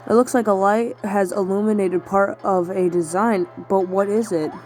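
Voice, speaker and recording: A woman's voice: mid-range voice, fairly even intonation, normal speed, darkish tone, faint music behind, low-quality recording. A woman playing a video game and thinking aloud, talking to herself with lots of fillers as she goes. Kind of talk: casual let's-play commentary.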